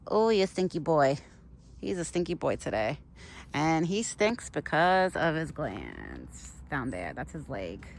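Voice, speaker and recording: A woman's voice: low-pitched, fairly bright tone, slight background noise. A young woman chatting casually and rambling as she feeds a deer outdoors in the cold, laughing often. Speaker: vlogger feeding a wild deer. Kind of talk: casual outdoor vlog chat.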